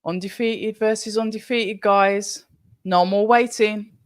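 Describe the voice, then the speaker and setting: An excitable woman hosting a live stream, chatting straight to her viewers. Her voice sits at an ordinary middle pitch and is recorded close and dry, with no room sound around it. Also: slow pace, no echo. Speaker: livestream watch-along host.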